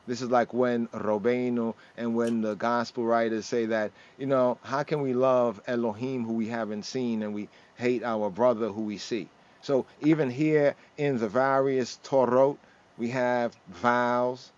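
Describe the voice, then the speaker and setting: A man's voice: mid-range voice, fairly even intonation, measured pace, darkish tone. A man expounds scripture verse by verse in a mid-range voice, mixing in Hebrew terms. He keeps checking in with his listeners. The stream audio is a little dull and lo-fi. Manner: expounding verse by verse, sprinkling in Hebrew words and asking "right?". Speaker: Rastafari scripture teacher. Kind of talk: livestreamed scripture teaching.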